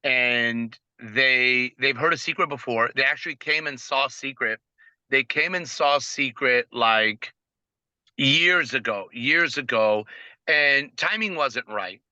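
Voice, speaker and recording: A man's voice: medium pitch, slow pace, pushed and bright, dry recording, muffled recording. A middle-aged man leading a team training on a video call, telling stories with energy and acting out the dialogue. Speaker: network marketing team trainer.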